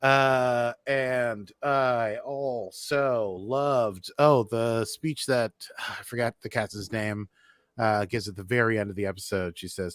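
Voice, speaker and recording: A man's voice: mid-range voice, fairly even intonation, slow pace, fairly bright tone, dry recording, clean studio sound. Chatty man rambling through a recap. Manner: rambling, chuckling, many fillers. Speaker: podcast co-host. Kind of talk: casual recap chat.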